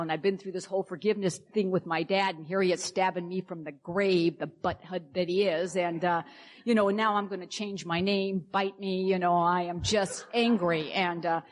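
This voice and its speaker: A woman sharing a personal story at a recovery meeting, candid and wryly humorous. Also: lowish voice.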